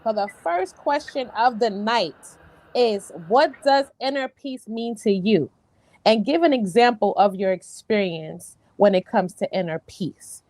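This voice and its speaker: A woman's voice: mid-range voice, measured pace, a little mellow, no echo. A woman hosting a live online panel talk, upbeat and encouraging as she moves between guests. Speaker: host.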